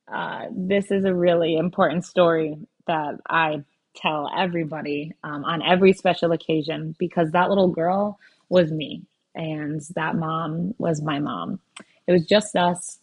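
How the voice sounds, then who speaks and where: A woman's voice: low-pitched, fairly even intonation, unhurried, breathy edge. A woman in her thirties telling a personal family story in a casual, heartfelt way, with frequent fillers. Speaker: vlogger.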